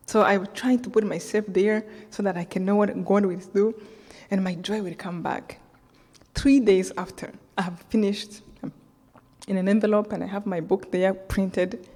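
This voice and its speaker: A woman with a Rwandan accent tells her story from a stage, her mellow voice ringing with the long reverb of a big hall. She acts out the people in her tale and laughs often as she speaks. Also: mid-range voice. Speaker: author giving a talk. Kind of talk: storytelling talk.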